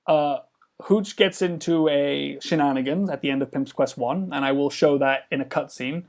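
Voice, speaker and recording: A game developer appears as a guest in a podcast conversation, talking casually in a slightly high, darkish-toned voice at a moderate pace. He rambles through an explanation of his game project, full of fillers and restarts.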